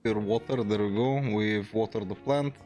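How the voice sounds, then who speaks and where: A man's voice: fairly low pitch, moderate pace, warm tone, faint music behind. A man streaming a video game, chatting casually and thinking aloud as he plays. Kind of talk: casual gameplay commentary.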